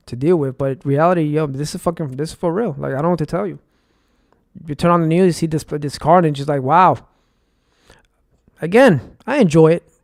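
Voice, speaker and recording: A man's voice: a little high, darkish tone, no room sound, clean studio sound. Heated profane young man ranting. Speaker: vlogger. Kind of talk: casual conspiracy rant.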